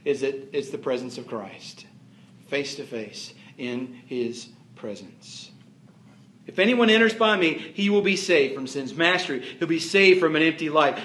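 A man's voice: fairly high pitch, a bit bright, reverberant. A man pastor preaching a sermon with emphatic, repetitive phrasing that rises and falls in force.

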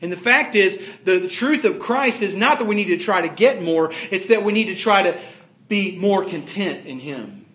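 A man's voice: high-pitched, expressive, moderate pace, a bit bright, reverberant. A man pastor preaching a sermon with emphatic, repetitive phrasing that rises and falls in force.

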